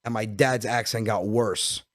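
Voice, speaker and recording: A man from New York, a comedian guest telling stories on a podcast, animated and jumping into voices. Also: on the low side, measured pace, dry recording, studio quality. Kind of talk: casual podcast storytelling.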